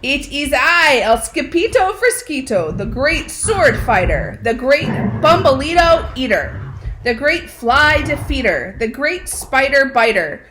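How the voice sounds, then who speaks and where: A woman puts on a cocky little kitten who insists he is a chihuahua, bragging in a sing-song way with playful mock Spanish flourishes. The voice sits high and swoops a lot, and the lines are drawn out slowly for storytime. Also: very animated, sharp tone, a little hiss or hum, exaggerated voice, poor audio. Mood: boastful. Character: excitable boy kitten who thinks he is a chihuahua.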